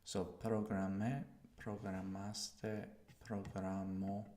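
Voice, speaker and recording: A man streaming himself learning Spanish, slowly thinking aloud as he works out verb forms. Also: on the low side, level tone, warm tone, roomy sound. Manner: slow, musing, talks to himself while working out conjugations. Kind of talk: live-streamed self-study, thinking aloud.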